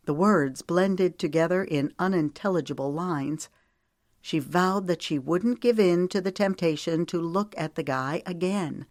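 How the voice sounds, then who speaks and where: Woman reading an audiobook, low-ish voice, steady pace, dead dry close mic. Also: dry recording. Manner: measured, steady storytelling. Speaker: audiobook narrator. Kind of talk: scripted narration.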